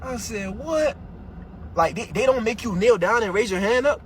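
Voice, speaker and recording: A man from Nigeria, telling a story to camera in an animated, slangy and profane way. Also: high voice, brisk, a little hiss or hum.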